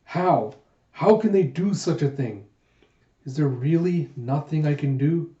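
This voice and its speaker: A man's voice: a little high, expressive, measured pace, dark tone, reverberant, recorded from a distance, dull audio. A man reading the lines of a determined young princess with urgent, pleading speech while reading a manga aloud. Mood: distraught.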